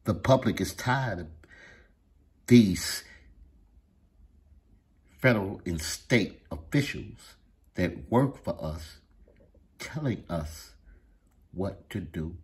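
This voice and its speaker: A man's voice: deep voice, animated, slow, long pauses, darkish tone, slightly rough. A man hosting his channel, giving indignant, ranting commentary with heavy emphasis. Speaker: channel host narrating. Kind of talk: angry commentary.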